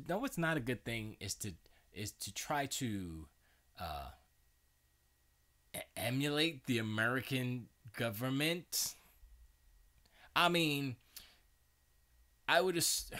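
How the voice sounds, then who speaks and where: A man's voice: medium pitch, a bit bright. Rambling man chatting on a live stream. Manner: rambling, many restarts and stammers. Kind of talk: casual live-stream chat.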